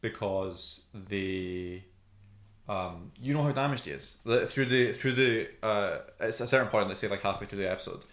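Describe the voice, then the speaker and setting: Chatting casually about TV, a podcast co-host thinks aloud with plenty of ums. His voice sits on the low side and is a bit bright, at a moderate pace, with a roomy echo in the recording.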